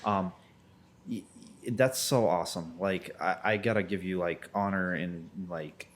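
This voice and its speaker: Very low male voice, laid-back slangy co-host, faint hiss in the background. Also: measured pace. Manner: relaxed slangy commentary. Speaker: podcast co-host. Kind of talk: casual faith podcast talk.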